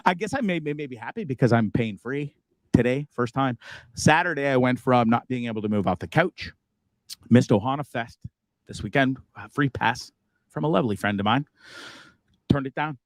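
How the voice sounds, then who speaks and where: A man hosting a casual live show from his bus, rambling from one thing to the next. He swears freely and laughs at himself, and his pitch jumps around a lot. The sound is close and dry. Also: lively intonation, moderate pace, dry recording. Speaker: host. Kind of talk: casual livestream chat.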